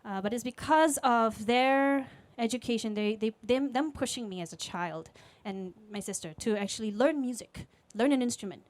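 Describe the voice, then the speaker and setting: Her voice is a little high and her pace moderate, with few pauses, as this late-20s Singaporean music teacher tells a personal story on stage. Speaking before a live audience, she's open and conversational, sprinkling in fillers and voiced quotes.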